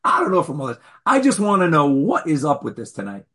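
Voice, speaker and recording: A man's voice: a little high, huge pitch swings, fast talker, fairly bright tone, heavily acted. A man voicing a plain-spoken simple boy who asks blunt, unsophisticated questions during a teaching story. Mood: puzzled.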